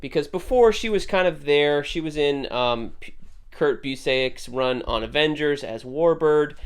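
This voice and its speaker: A man's voice: fairly high pitch, measured pace, clean tone. A man hosting a casual comic book review video, rambling and correcting himself as he talks. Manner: rambling, self-correcting, conversational. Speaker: host.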